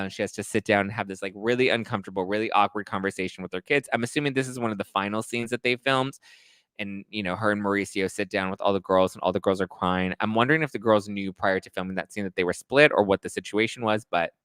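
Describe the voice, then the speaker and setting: A man's voice: lowish voice, fairly bright tone, clean tone, no echo. A man hosting a pop culture podcast, recapping reality TV gossip in a campy, sassy way and acting out catty impressions.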